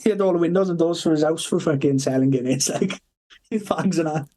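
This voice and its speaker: A man's voice: a little high, quick pace, mellow, rough recording. Swearing man telling stories. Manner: heavy swearing, laughing, acting out quoted voices. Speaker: podcast guest. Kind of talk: casual anecdotal storytelling.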